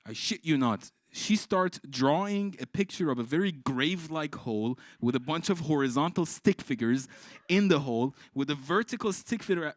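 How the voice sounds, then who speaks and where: A man from Iran doing live stand-up, telling stories with swearing and shouted punchlines. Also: medium pitch, no room sound. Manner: animated, swearing, exclaiming punchlines. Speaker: stand-up comedian. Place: live comedy stage.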